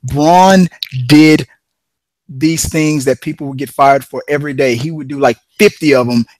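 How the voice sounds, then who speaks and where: A man's voice: on the high side, fairly even intonation, moderate pace, no echo. A man co-hosting a casual podcast chat, telling a long rambling story with frequent restarts. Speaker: podcast co-host.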